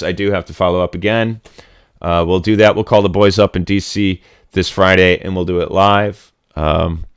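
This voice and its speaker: A middle-aged Connecticut man hosts a casual livestream chat, rambling and swearing bluntly as he rants. His voice is lowish and creaky, recorded dry with studio quality.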